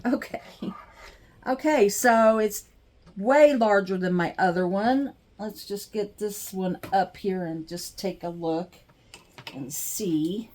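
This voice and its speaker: In her craft room, a middle-aged vlogger chats directly with her viewers, excitable and gushing, her mid-range voice slow and drawn out. The sound comes from a camera mic in this casual home vlog.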